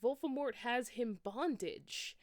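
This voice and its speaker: A woman doing a shrill, melodramatic young vampire guy. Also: lively intonation, slow pace, no echo, clean studio sound. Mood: whiny. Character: dramatic, mopey young male vampire wizard.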